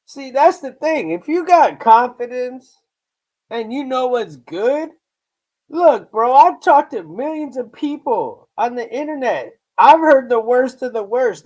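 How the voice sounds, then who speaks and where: A very high-pitched man's voice with a darkish tone comes from this live reaction streamer out of Lakewood, Ohio, US. He talks bluntly and casually, curses, brags, says "bro" and "dude," and circles back over the same points. His pace is slow and stretched, broken up by frequent restarts and repetitions.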